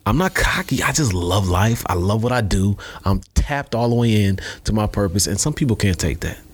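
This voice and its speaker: A man talking as a podcast guest, an author and speaker who tells stories with animated energy. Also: fairly low pitch, a little fast. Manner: animated storyteller who acts out voices. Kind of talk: podcast conversation.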